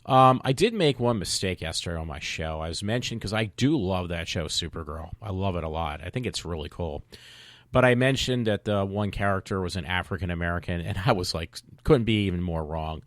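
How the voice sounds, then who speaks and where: A man talks through his solo podcast in a loose, wandering way. He fills it with ums and keeps correcting himself. His voice sits deep and low, and the recording is dry and close. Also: animated, fairly quick, no echo. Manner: rambling, many ums and self-corrections. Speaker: podcast host. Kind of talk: casual solo talk show.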